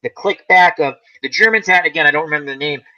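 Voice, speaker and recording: A man's voice: on the high side, fast, sharp tone. A man hosting a casual chat, rambling through a movie plot and acting out its lines. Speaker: channel host. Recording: dull lo-fi sound.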